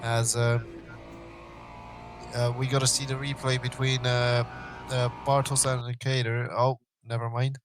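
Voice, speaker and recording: A man commentating a live sim race, excitable and full of fillers and exclamations. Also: mid-range voice, a little slow, long pauses, over music.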